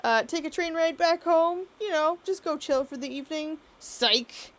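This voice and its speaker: A woman's voice: sits high, moderate pace, fairly bright tone. Giggly woman running a tabletop game. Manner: chatty and giggly, lots of fillers. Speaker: game master. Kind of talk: narrating a tabletop game on a live stream.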